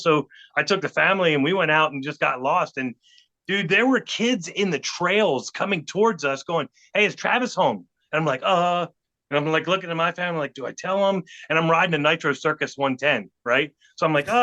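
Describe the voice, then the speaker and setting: Middle-aged man, podcast guest storyteller; bright, slightly high voice, animated delivery, muffled lo-fi sound. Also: fairly quick. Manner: animated, acts out quotes of others. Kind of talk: storytelling anecdote. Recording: dull lo-fi podcast audio.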